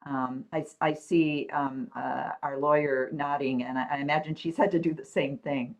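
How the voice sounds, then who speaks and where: A woman physician on a video call panel, telling a story from her career in a reflective, measured way. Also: deep voice, steady tone, muffled recording.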